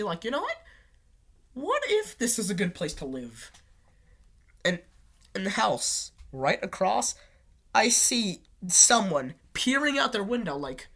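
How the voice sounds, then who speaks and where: A woman's voice: lowish voice, a bit bright. A woman with a sick voice telling a personal story to her channel, rambling and correcting herself as she goes. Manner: rambling, restarts and self-corrections. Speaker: storytime video host. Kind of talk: casual storytelling.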